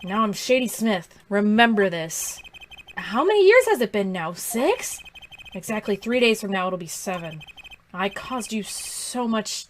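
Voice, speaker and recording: A woman voicing a calm, mysterious former magician who plays poker, speaking softly, low and measured. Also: slight background noise. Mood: grave. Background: game music.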